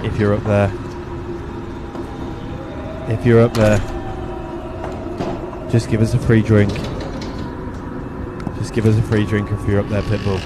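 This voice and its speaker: A man doing a booming mock seance medium. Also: monotone, a little slow, long pauses, very noisy, close to an everyday voice. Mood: solemn summoning. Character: mock seance medium summoning a spirit, male adult.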